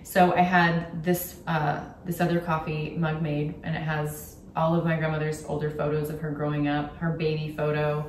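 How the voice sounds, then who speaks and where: A woman's voice: deep voice, monotone, normal speed, hardly any pauses, distant mic, a little hiss or hum. Young woman YouTuber, chatty gift-guide vlog, echoey room, faint background ambience. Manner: chatty, candid, with frequent ums. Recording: roomy echo, from off the mic.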